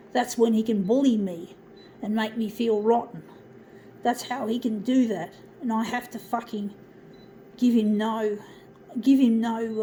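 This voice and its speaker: A woman's voice: a little high, darkish tone, slight background noise, poor audio. A woman ranting angrily to her viewers as a vlogger, swearing heavily and calling them folks. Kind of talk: angry personal rant to viewers.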